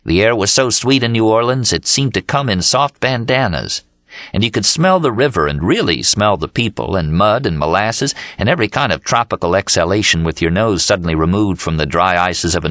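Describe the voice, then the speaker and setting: A man narrating an audiobook voicing Dean, a manic, excited young man who boasts and yells. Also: low voice, no room sound, studio quality. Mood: ecstatic. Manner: exuberant yelling, rapid storytelling.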